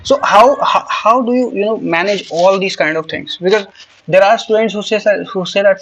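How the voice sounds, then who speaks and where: A man's voice: high-pitched, normal speed, fairly bright tone, highs cut off, slight background noise. A man who teaches French, interviewing a student in a hesitant way, full of fillers and restarts. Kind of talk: casual interview.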